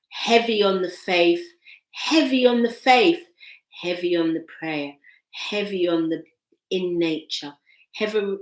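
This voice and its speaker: A woman's voice: on the low side, roomy sound. Chatty woman reading tarot. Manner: chatty, repeats phrases, talks to herself. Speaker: tarot reader. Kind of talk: casual tarot reading to camera.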